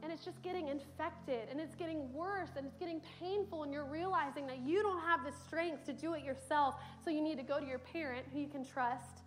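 Young woman preaching in church, pretty high voice, earnest and chatty. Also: fairly quick, few pauses, faint music behind. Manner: earnest storytelling with conversational fillers. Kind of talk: sermon. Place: church sanctuary.

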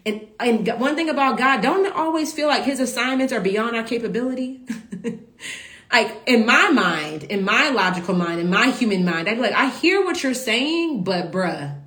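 A woman business coach in a casual live stream, talking emotionally to her followers, repeating herself and filling pauses with "like". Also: a little high, fairly bright tone, echoey room. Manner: emotional, repetitive, full of filler "like".

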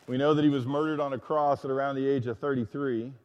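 A man's voice: mid-range voice, steady tone, fast, muffled recording. A man preaching a sermon as a pastor, talking conversationally with frequent restarts and asides, recorded in a church sanctuary. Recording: long reverb of a large hall.

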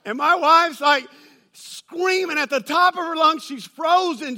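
High, bright-voiced preacher man. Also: measured pace. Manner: storytelling with humor, rises to shouting. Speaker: pastor. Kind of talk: sermon.

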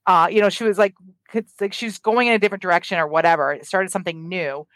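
A woman host who reads viewer comments and chats enthusiastically, with plenty of fillers. Her voice sits low for a woman, and the sound is close and dry. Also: steady tone, fast, a bit bright, no room sound. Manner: chatty, enthusiastic, many fillers. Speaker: host of a writing stream. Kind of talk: casual chat.

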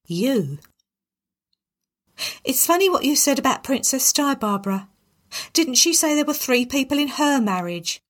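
A scheming young bride-to-be, voiced by a woman, in a storybook reading. She sounds prim and defensive, pitched slightly above the narration. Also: big pitch swings, unhurried, long pauses, full character voice. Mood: icy.

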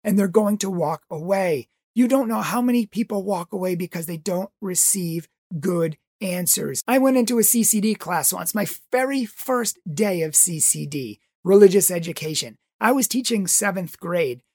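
A man's voice: high-pitched, gravelly, a little mellow, no echo, studio quality. A man who teaches religious education tells a story with passionate pleading and acts out voices. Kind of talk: impassioned storytelling talk.

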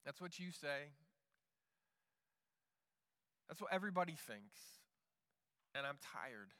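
A man's voice: lively intonation, moderate pace, bright, forceful tone, in a large hall. A preacher voicing a weary, resigned man. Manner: low, heavy, resigned. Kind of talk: acted quote in a sermon.

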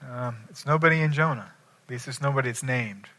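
A man's voice: medium pitch, brisk, sharp tone. A man preaching a sermon, emphatic and asking his listeners questions. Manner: emphatic, asks the congregation questions. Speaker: pastor.

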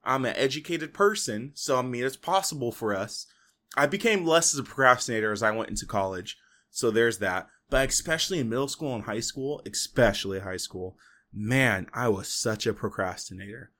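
A man's voice: medium pitch, lively intonation, normal speed, bright, forceful tone. A young man hosting a solo podcast, talking in a casual, rambling way full of "like" and "you know". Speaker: podcast host.

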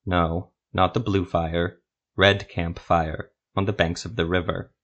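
A man voicing Zevo, a quiet companion who speaks slowly and flatly in few words. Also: deep voice, lo-fi sound, full character voice. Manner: slow, flat, few words. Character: slow, terse quiet male companion.

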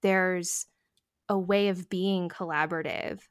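A woman's voice: lowish voice, fairly even intonation, takes it slowly, clean tone, no echo. Earnest woman mediator, dry close sound. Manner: earnest, emphatic, laughs often. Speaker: mediator, podcast guest. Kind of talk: conversational interview.

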